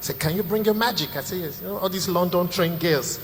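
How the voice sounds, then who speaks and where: Nigerian comedian in a big echoey hall. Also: male voice, high voice, brisk, slight background noise. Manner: storytelling with Pidgin asides, acting out the people he quotes. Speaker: stand-up comedian. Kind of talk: live stand-up comedy set. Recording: echoey hall, faint ambience.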